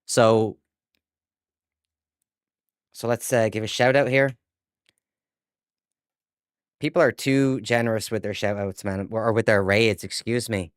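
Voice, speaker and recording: A man's voice: lowish voice, flat delivery, measured pace, pauses often, smooth, no room sound, studio quality. A young adult Irish man chatting casually with viewers while he plays a game on a live stream. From Ireland. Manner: chatty, reads out chat and answers viewers, upbeat.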